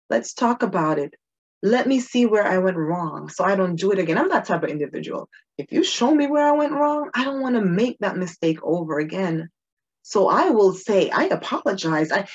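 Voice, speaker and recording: A woman's voice: medium pitch, breathy edge, muffled recording. A woman giving an earnest personal devotional talk, stressing her points by repeating phrases. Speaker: Christian video host.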